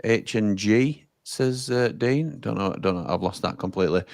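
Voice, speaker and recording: A man's voice: lowish voice, moderate pace, creaky, darkish tone. A man co-hosting a football watch-along, chatting casually and reading out viewer comments. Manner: chatty, reads out viewer messages.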